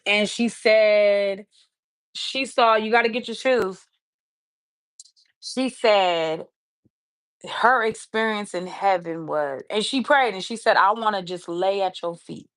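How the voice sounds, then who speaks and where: A woman host on a livestream earnestly retells a story she heard, returning again and again to "she said". Her voice sits at an ordinary middle pitch. The sound is close and dry, with no room around it. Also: takes it slowly, dry recording. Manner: earnest retelling with many repeated "she said" asides.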